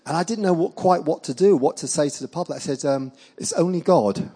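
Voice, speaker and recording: A middle-aged man preaching, telling healing stories with lively acted-out quotes. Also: fairly high pitch, quick pace, husky. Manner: animated storyteller acting out quoted voices. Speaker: evangelist preacher. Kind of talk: sermon storytelling.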